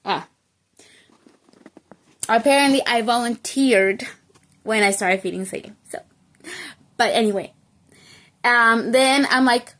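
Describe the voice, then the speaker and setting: A woman telling a personal story in a casual vlog, animated and chatty, checking in with the listener and slipping into bits of Spanish. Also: a little high, a little slow, long pauses. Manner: animated, keeps checking in with "okay?" and "you know?". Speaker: storytelling vlogger.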